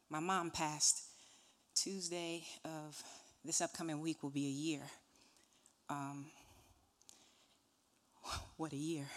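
A church member giving a personal testimony, halting and searching for words. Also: mid-range voice, a bit bright.

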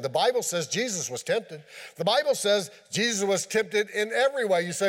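A man preaching a sermon in a folksy, animated storytelling way, mixing scripture with homely fishing talk and playful sound effects. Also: high voice, normal speed. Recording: long hall reverb.

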